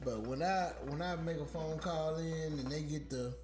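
A man's voice: a little high, normal speed, roomy sound, noisy background. A man hosting a podcast in casual chat, ranting with lots of profanity and laughter. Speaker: podcast host.

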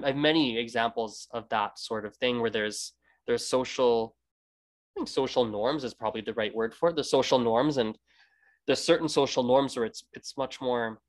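A Canadian man hosting a casual interview, rambling with many restarts. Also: medium pitch. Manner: rambling, many restarts, acts out quoted greetings. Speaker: podcast host.

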